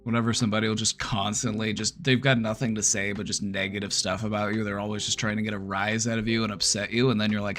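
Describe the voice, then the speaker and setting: A man's voice: lowish voice, little pitch movement, fast, hardly any pauses, a bit bright, soft background music. A man hosting a livestream, talking casually and bluntly to his chat, swearing freely. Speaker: livestream host.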